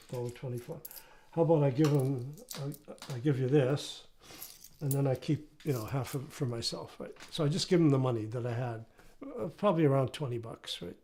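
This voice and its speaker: A man's voice: mid-range voice, warm tone, slight background noise. An older man, a retired professor, telling a personal story in a casual, anecdotal way during an interview. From Canada. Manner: casual, anecdotal, often asks "right?".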